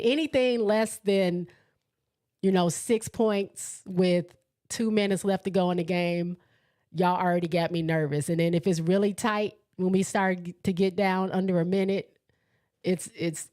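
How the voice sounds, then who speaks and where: She speaks on the low side at a moderate pace while hosting a laid-back live sports show. Reading out comments from viewers, she's chatty, excitable, and quick to laugh.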